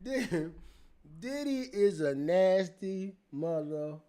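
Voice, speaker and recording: Man, slightly high voice, animated, laughing, profane casual commentary, repeats himself. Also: slow pace. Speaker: commentator reacting to court testimony.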